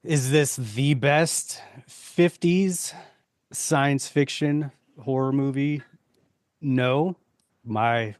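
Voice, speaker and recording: A man's voice: mid-range voice, no echo, studio quality. A man hosting a podcast in a casual chat, enthusiastic, swearing in passing, and steering the talk along. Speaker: podcast host.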